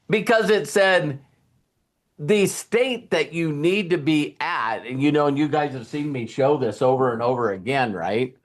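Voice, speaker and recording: A man's voice: a little high, unhurried. A middle-aged man giving a motivational talk who keeps acting out little conversations as he goes. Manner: animated, acts out little dialogues. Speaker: motivational speaker.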